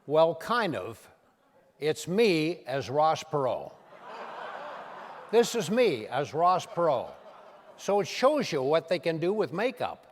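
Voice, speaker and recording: Speaking slowly with frequent pauses in a fairly high voice, an older comedian and impressionist tells stories on stage in a big room. He's lively, voicing the characters in his anecdotes.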